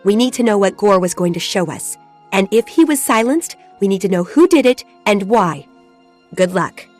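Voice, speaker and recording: A woman voicing a commanding female asura mentor in a video game, giving orders in a brisk, authoritative way. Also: medium pitch, expressive, a little mellow, soft background music, lightly acted.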